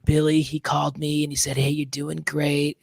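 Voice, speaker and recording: A man doing an impression of a famous middle-aged actress-comedian, with a slow, laid-back, surfer-like drawl. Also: a little high, monotone, creaky, breathy edge, dry recording. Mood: reminiscing.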